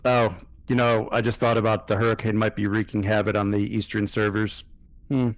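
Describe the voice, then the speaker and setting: A man in the role of game master, chatting in a relaxed way with fillers while running a tabletop game over voice chat. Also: fairly low pitch, fairly quick, no room sound, poor audio.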